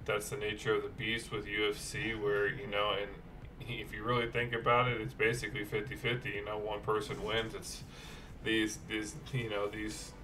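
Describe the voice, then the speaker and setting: A man's voice: lowish voice, completely flat delivery, moderate pace, sharp tone, recorded from a distance, a little hiss or hum. A man co-hosting a casual sports betting podcast, rambling with many fillers and restarts. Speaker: podcast co-host.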